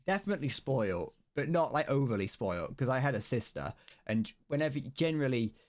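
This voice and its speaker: A British man talks casually on a livestream as he works on a model kit. He rambles, restarts his sentences, and laughs often. His pitch sits mid-range but swings widely and animatedly. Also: very animated, brisk. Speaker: streamer.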